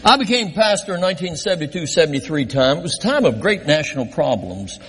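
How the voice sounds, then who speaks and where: This older man is a pastor who talks fast in a husky, fairly high voice, mixing his sermon with stories that mock his own early ministry. His delivery is animated, and the church sanctuary lends the sound a long reverb.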